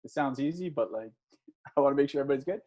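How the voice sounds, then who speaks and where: A man's voice: mid-range voice, racing, a little mellow. A man giving a guest talk to a class, telling a story conversationally and asking the audience for shows of hands. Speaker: guest speaker.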